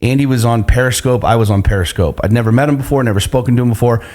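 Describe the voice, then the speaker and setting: A man's voice: medium pitch, racing, a little mellow. A man talking as a business coach in a casual podcast chat, emphatic and profane, often repeating "like" in long strings.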